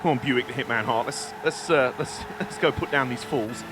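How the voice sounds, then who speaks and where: A British man with a mid-range voice streams a racing game at a moderate pace against a noisy background. Chatty and joking, he drives while reading his viewers' chat aloud in casual live-stream commentary.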